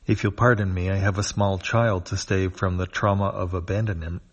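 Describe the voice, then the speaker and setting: A man reading as a quiet, polite short alien. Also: sits low, flat delivery, normal speed. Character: short alien with a laser gun, polite and formal.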